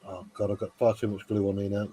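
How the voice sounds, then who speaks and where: A man's voice: fairly low pitch, little pitch movement, fast talker, mellow, slightly rough. A man hosting a casual live stream who mutters to himself at his work while he chats.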